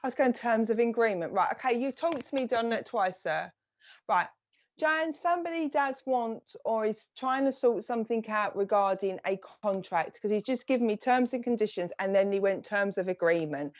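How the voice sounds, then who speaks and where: A woman giving live psychic readings, chatting in quick bursts and thanking viewers by name as she relays messages. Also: on the high side, dry recording, lo-fi sound.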